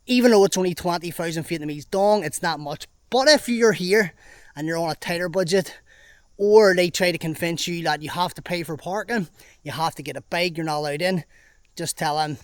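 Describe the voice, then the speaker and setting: A man with a slightly high voice walks outdoors through an abandoned park and chats to the camera as he goes. He swears casually, wonders aloud and breaks into exclamations. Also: a bit bright. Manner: chatty, swears freely, thinks aloud with exclamations. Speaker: travel vlogger. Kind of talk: casual walking vlog commentary.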